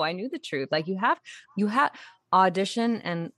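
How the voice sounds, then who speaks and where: Animated woman actor chatting and laughing in an interview, kinda low voice, dry sound. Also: normal speed, no room sound. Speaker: actress guest. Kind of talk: casual interview chat.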